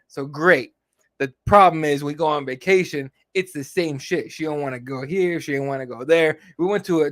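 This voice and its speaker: A man's voice: fairly high pitch, fairly bright tone. A man in his thirties co-hosting a podcast, telling long family stories in casual, profane chat. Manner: profane, rambling storyteller. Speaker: podcast co-host.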